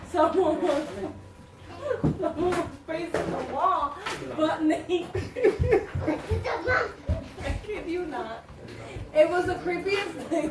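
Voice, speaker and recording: A woman with a very high voice tells lively stories and laughs easily while she co-hosts a casual chat. She sits well back from the mic, so her voice carries a roomy echo. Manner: animated storyteller, laughs often. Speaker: co-host. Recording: echoey room, mic far off.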